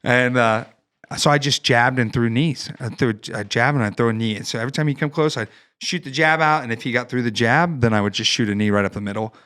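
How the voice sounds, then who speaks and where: A man from Ohio in his thirties, a podcast guest casually telling war stories in a profane, animated way, acting out the voices of the people in his stories. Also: medium pitch, quick pace, clean tone. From Ohio, United States. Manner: profane, animated storytelling with acted-out quotes. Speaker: podcast guest, fighter and Marine veteran. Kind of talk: casual storytelling chat.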